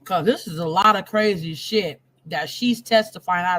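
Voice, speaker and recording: A woman's voice: fairly low pitch, normal speed, fairly bright tone. A woman hosting casual gossip commentary with blunt, crude, chatty asides. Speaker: host of a commentary channel.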